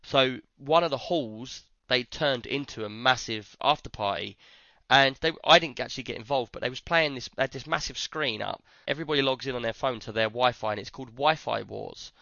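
A man's voice: medium pitch, a little fast, creaky, no room sound, muffled recording. A man, chatting casually on a podcast and acting out the lines of people in his stories. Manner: animated storyteller, acts out others' lines. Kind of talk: casual chat.

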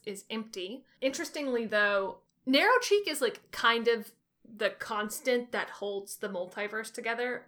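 A woman co-hosting a casual podcast chat, talking in an animated way that often corrects itself mid-sentence. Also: on the high side. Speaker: podcast co-host.

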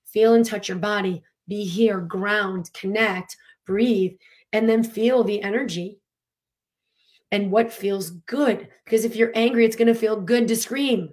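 In a casual teaching talk about emotions, a woman coach speaks at a medium pitch and an unhurried pace. She's animated and earnest, laughs often, uses many fillers, and breathes and sighs audibly to demonstrate.

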